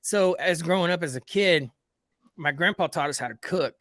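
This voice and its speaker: A man with a bright, forward voice, pitched a little high, hosts a loose hangout stream. He rambles along and keeps turning to his viewers as "guys". The sound is dry and close, with no room around it. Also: moderate pace, no room sound. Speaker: livestream host. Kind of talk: casual group chat.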